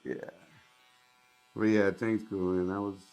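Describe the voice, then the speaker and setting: A Marine veteran and barber in his thirties, guesting on a podcast, tells stories casually in a gravelly, lowish voice. His delivery is flat, a little slow and a little mellow, full of slang, cursing and laughter, on lo-fi audio.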